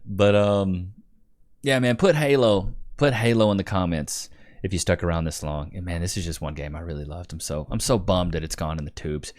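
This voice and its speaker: Young man, vlog host, casual chat, slangy, rambling, lowish voice. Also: animated, normal speed, a little mellow. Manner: rambling, slangy storytelling with "dude" and "bro". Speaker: YouTube commentator.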